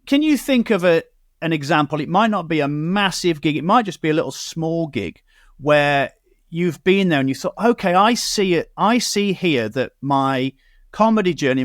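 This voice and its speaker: A man's voice: a little high, dry recording, studio quality. A man from Britain hosting a radio talk show, chatting casually and telling stories with quoted asides. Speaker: host.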